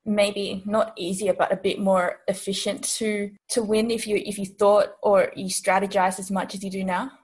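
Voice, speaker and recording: A woman's voice: medium pitch, little pitch movement, normal speed, few pauses, poor audio. A woman hosting a podcast, asking thoughtful questions of her guest. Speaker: podcast host. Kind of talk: interviewing.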